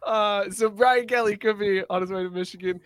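High bright-voiced guy hosting a sports pod, super animated. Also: a little fast, clear, resonant tone, no echo, rough recording. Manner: animated, laughs a lot, steers the conversation. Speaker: podcast host. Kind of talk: casual sports chat.

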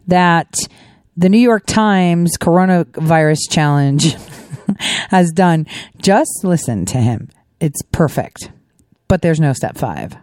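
A woman with a smooth, clear and fairly low voice hosts her own talk show. She rambles along casually, stopping for asides, and the recording is close and dry. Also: animated, takes it slowly, a little mellow, dry recording. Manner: rambling, conversational, with many asides. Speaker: show host. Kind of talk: casual political commentary.

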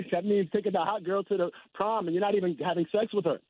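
Slangy caller on a tinny phone line. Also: male voice, high voice, steady tone, fast talker, no echo. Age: 30s. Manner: casual slangy, blunt. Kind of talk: call-in radio chat.

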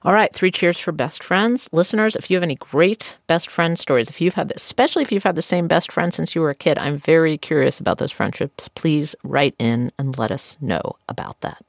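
A woman hosting a podcast, talking casually with enthusiasm and quick asides. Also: low voice, gravelly, dry recording, clean studio sound. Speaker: podcast host. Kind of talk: casual chat.

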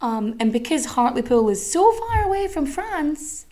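A young woman hosting a podcast, telling a history legend in a chatty, joking way with swearing and quick asides. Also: high-pitched, very animated, mellow, soft background music. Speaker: podcast host. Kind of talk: casual history storytelling.

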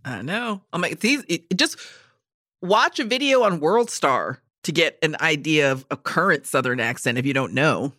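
A woman's voice: low voice, expressive, moderate pace, bright, forceful tone, no echo, clean studio sound. A woman co-hosting a podcast, reading listener emails and giving blunt, enthusiastic opinions laced with swearing. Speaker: podcast co-host.

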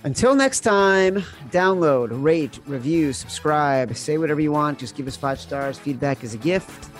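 A man hosting a sports betting podcast, teasing his guest and briskly wrapping up the show. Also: a little high, steady tone, faint music behind. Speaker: podcast host. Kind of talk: casual podcast chat.

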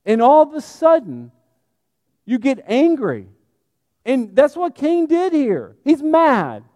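A man preaching a sermon, animated and conversational, speaking straight to his congregation. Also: very high voice, slow, no room sound, clean studio sound, in a large hall.

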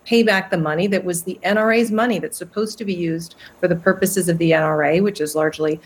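A woman giving legal analysis in a news interview, measured and explanatory. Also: lowish voice.

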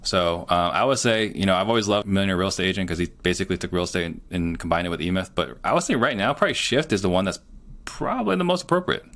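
A man's voice: low-pitched, quick pace, a bit bright. A middle-aged man, a guest on an interview show, talking earnestly and plainly with lots of "you know". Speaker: guest, real estate entrepreneur. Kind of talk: casual interview talk.

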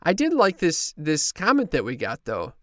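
A man hosting a podcast in casual chat, talking bluntly, swearing freely and quick to get defensive. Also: a little high, wildly swooping pitch, fairly bright tone, no room sound, studio quality. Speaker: podcast host. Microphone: podcast studio mic.

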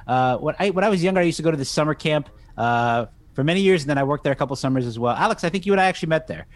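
A man's voice: fairly high pitch, lively intonation, racing, no echo. A man co-hosting a podcast, telling a story in a playful, laughing way. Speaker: podcast co-host. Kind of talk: casual anecdote.

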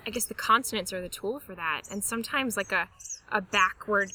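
A woman's voice: medium pitch, fairly quick, pushed and bright, slight background noise. A woman choir singer reflecting on ensemble sound in an encouraging, casual way. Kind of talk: casual chat.

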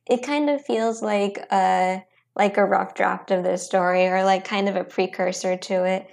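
A woman co-hosts a podcast in casual conversation, and her voice has a strong vocal fry at a mid pitch. She rambles hesitantly and fills her sentences with "um" and "like". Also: fairly even intonation, normal speed, a little mellow. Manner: rambling, hesitant, many fillers. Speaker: podcast co-host. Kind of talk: casual chat.

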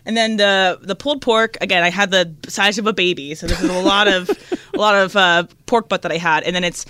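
A woman's voice: medium pitch, steady tone, fairly quick, bright, forceful tone, clear, resonant tone, no room sound. A woman in her twenties co-hosting a radio talk show, chatting and telling stories with a giggle. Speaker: show co-host. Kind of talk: casual chat.

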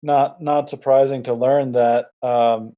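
A man co-hosting a sports podcast, talking in a measured, hesitant way. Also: medium pitch, flat delivery, warm tone. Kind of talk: casual sports chat.

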